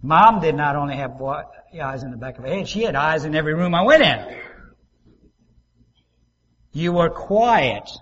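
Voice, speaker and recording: A man pastor preaching a sermon, swinging from loud emphasis to soft asides and acting out quoted voices. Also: fairly high pitch, animated, moderate pace, pauses often, breathy edge, dull audio.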